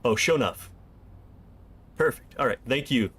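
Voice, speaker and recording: A man's voice: mid-range voice, measured pace, a bit bright, breathy edge. A man streaming a first playthrough of a video game, thinking aloud and chatting with viewers. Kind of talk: casual gameplay commentary.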